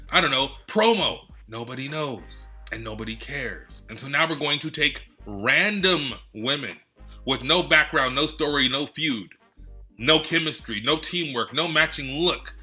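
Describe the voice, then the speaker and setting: A man's voice: a little high, sharp tone. A man hosting a wrestling rant segment, sarcastic and frustrated, firing off rhetorical questions at the viewers. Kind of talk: heated rant to camera.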